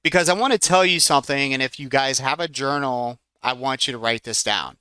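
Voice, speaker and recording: Forties guy teaching a live trading room, bright punchy voice, smooth, gets all excited and chatty. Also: mid-range voice, fairly quick, dry recording, studio quality. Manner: excitable and chatty, breaks off to manage trades. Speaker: trading educator.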